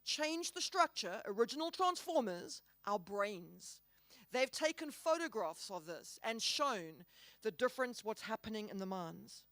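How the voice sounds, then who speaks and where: A woman's voice: fairly high pitch, fairly bright tone, no room sound, clean studio sound. Earnest woman giving a faith talk. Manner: earnest, emphatic, slows down to stress key words. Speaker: conference speaker. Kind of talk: Christian conference talk. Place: hall.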